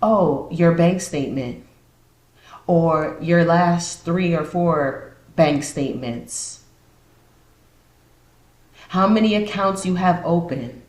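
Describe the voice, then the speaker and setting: This woman hosts a casual commentary podcast, reading points aloud before riffing with sarcastic asides. Her voice is lowish and darkish, slow, with long pauses, and the room adds an echo.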